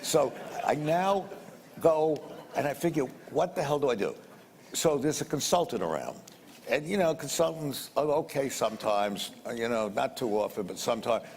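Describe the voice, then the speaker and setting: A man's voice: medium pitch, lively intonation, normal speed, darkish tone. Blunt older man telling a rambling story. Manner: blunt, rambling, repeats words, mild swearing. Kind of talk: anecdotal storytelling. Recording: roomy reverb with faint background noise.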